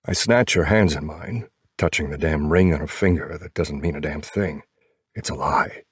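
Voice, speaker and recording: A man narrating a first-person romance audiobook in a steady, intimate way. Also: extremely low pitch, breathy edge, no echo, clean studio sound.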